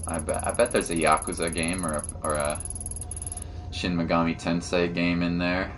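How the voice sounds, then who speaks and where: A man with a deep voice hosts a game stream and talks to his chat in a loose, easygoing way. He keeps it casual and friendly, with a bit of soft noise in the background. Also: moderate pace. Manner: relaxed, chatty, talks to chat while playing. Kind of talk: casual let's-play chat.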